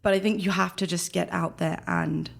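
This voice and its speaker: A woman with a London accent, a guest chatting casually in an interview, animated and quick to laugh. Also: on the low side, creaky. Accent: London English. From London, England. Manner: animated, laughs often, rapid bursts. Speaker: guest, chamber engagement director.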